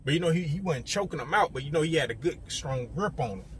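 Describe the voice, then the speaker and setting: A man's voice: fairly high pitch, lively intonation, fast talker, slight background noise. A young man telling a story straight to his viewers in a casual, conversational way, often talking to them directly. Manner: conversational, addresses viewers directly, many fillers.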